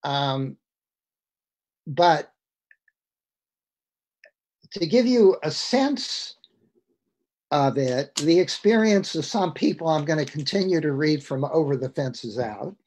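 A man in his sixties gives a talk over a video call, reading from a book and breaking off for wry comments to his audience. His voice sits a little high for a man, and he tells the story with relish. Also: expressive, takes it slowly, long pauses, a little mellow. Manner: storytelling, wry asides to listeners. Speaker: lecturer. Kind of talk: lecture with reading aloud from a book.

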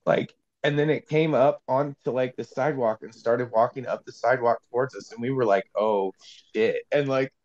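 A man's voice: mid-range voice, steady tone, brisk, few pauses, a little mellow, lo-fi sound. A young man telling a story in a casual, rambling way full of fillers, heard over a video call. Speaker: panel guest.

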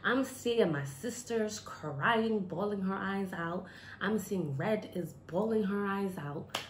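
A young woman from retelling a personal story for a vlog, animated and repeating lines for emphasis, acting out what people said. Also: medium pitch, takes it slowly. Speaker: vlogger telling a story. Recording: echoey room with faint noise.

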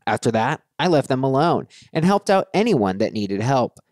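A man's voice: mid-range voice, normal speed, no echo, clean studio sound. A man hosting a comedy podcast, joking around and reading listener posts aloud. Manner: joking, reads posts with lively inflection. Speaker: podcast host.

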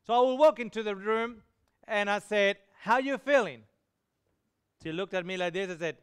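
A man's voice: high voice, moderate pace, smooth. A man preaching a sermon, telling a personal story with emphatic swells of feeling. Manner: emphatic, swells louder on key lines. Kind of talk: sermon testimony.

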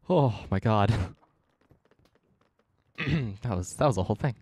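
A low-voiced man talks casually to his livestream chat, swearing and laughing at himself after a scare. The sound is dry and close on a headset mic. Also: darkish tone, no room sound. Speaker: streamer.

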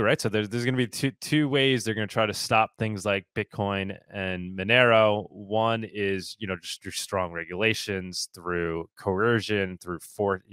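A man with a fairly low voice reads news items and keeps stopping to comment in a loose, sarcastic way, often repeating himself as he restarts. The sound is dry and close, with no room around it. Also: fairly bright tone, dry recording. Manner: sarcastic asides between read-out items; casual, repeats words and restarts. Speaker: crypto news host.

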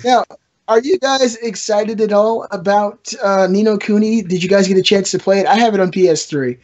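A man's voice: high voice, moderate pace, darkish tone, dull audio. A man hosting a casual gaming podcast, rambling and joking with his co-hosts. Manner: rambling, joking, trash-talking. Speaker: podcast host.

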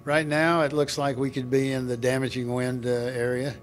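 Male forecaster, measured, filler-heavy storm update, faint background rumble. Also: flat delivery. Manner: measured, halting with many fillers. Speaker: weather service forecaster.

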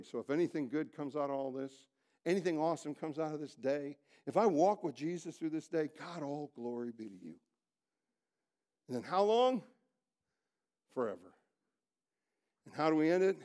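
A man's voice: a little high, normal speed, long pauses. Fired-up man preaching a sermon. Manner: animated preaching with acted-out quotes and swings in loudness; blunt, folksy. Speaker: pastor. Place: church sanctuary.

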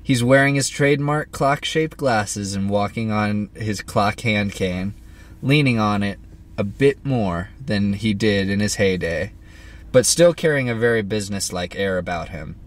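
A male podcast co-host with a fairly low voice. He talks in a relaxed way with frequent fillers and also narrates script passages. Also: unhurried. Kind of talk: casual chat and script narration.

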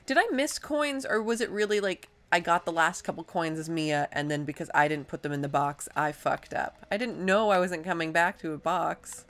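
A woman casually commenting on her own gameplay, chatty and self-deprecating, thinking out loud as she plays. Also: fairly low pitch, moderate pace, hardly any pauses. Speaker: let's play host.

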